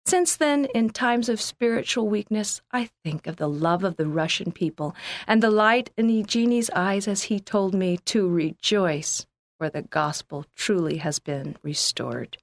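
A woman from Canada reading a first-person church magazine article aloud in a calm, earnest, scripted narration. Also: mid-range voice, measured pace, no room sound.

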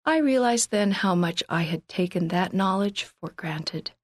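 A woman from Canada reading a first-person church magazine article aloud in a calm, earnest, scripted narration. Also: medium pitch, a little slow, no echo, studio quality.

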